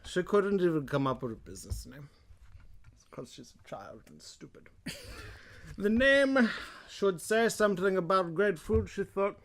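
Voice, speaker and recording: A man's voice: a little high, voice pushed up. A man putting on a drunk British guy's voice to read a children's book aloud. He drawls and keeps tacking on "darling". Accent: put-on British.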